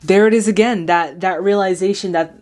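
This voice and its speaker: A young woman hosting a film reaction, talking in a gushing, excitable way full of "like"s. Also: medium pitch, brisk, slight background noise. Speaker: host reacting to a classic film. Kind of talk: casual reaction commentary.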